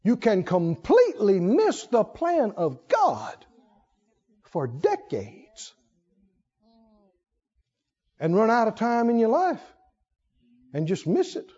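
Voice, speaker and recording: A man preaching a sermon in an animated style, acting out stories and dropping into hushed asides. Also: high voice, takes it slowly, pauses often, dull audio.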